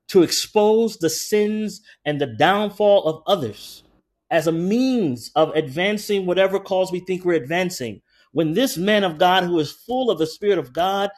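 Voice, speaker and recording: A man preaching a sermon who talks casually with the congregation and slows way down to read scripture aloud. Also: high voice. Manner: conversational, animated preaching with frequent asides to the congregation.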